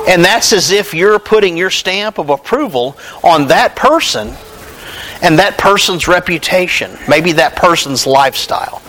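A man preaching a sermon, animated and conversational, joking with his congregation. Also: high-pitched, rough recording. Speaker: pastor.

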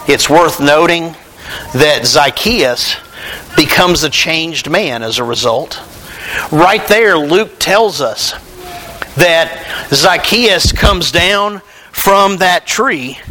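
A man preaching a sermon, animated and conversational, joking with his congregation. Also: high voice, slight background noise, poor audio. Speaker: pastor.

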